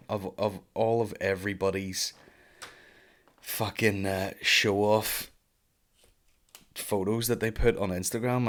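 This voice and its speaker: A comedian rambling through a casual podcast monologue, his voice sitting fairly low. He swears freely, piles on jokes and now and then jumps into loud, high mocking voices for bits. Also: steady tone, takes it slowly, long pauses. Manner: profane, rambling, jokey. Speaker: podcast host, stand-up comedian.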